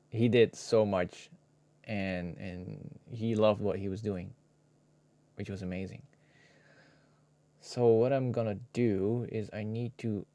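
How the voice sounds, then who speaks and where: A man's voice: fairly low pitch, mellow, no room sound. A man casually chatting with his live viewers while he edits a video, muttering to himself and now and then dropping into a whisper. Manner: laid-back, swears casually. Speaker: streamer editing a video live. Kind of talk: casual live-stream chat.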